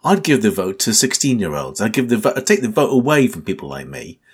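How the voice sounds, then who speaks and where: A man in his sixties with a husky voice, delivering an angry, swearing political rant in exasperated outbursts. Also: on the low side, big pitch swings, fairly quick. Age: 60s.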